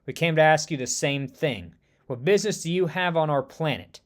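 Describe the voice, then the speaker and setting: A man doing a calm, clever team leader. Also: a little high, natural voice. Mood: measured. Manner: measured, reasoning.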